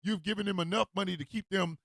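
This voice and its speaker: A male host rants comedically on his radio show, loud and animated. His voice sits high and gravelly. The sound is close and dry. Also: quick pace, no echo. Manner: animated, loud, laughs often, acts out street calls. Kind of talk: comedic commentary rant.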